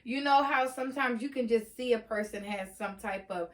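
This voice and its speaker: A woman vlogger telling a story casually, animated and laughing often, jumping into excited voices as she retells what happened. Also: fairly high pitch, moderate pace.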